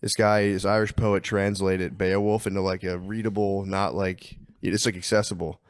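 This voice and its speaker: A man with a somewhat low voice rambles through casual banter on a comedy podcast. He drifts off on tangents and breaks into goofy voices when he quotes people. The sound is close and dry. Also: level tone, moderate pace, clear, resonant tone, no echo. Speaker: podcast co-host.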